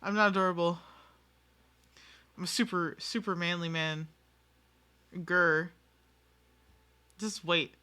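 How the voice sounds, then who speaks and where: Chatty streamer talking to viewers: bright edge, frequent giggles, loose and profane, self-deprecating. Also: medium pitch, fairly even intonation, normal speed, pauses often, smooth. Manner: giggly, rambling, swears freely, self-mocking. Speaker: game streamer. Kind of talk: casual live-stream chat with viewers.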